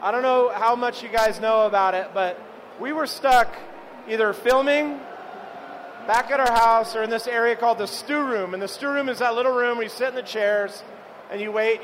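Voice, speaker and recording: A high-pitched man talks casually through a live cooking demonstration, telling stories and asking the audience questions. Faint noise from the event fills the background. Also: normal speed, fairly bright tone, rough recording. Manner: chatty, storytelling, addresses the audience. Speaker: chef giving a cooking demo. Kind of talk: live cooking demo with banter.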